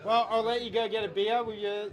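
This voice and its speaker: Teasing host, high voice, casual banter. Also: male voice, level tone, brisk, a crowd in the background. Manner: joking and teasing. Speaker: comedy show host. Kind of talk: casual backstage interviews.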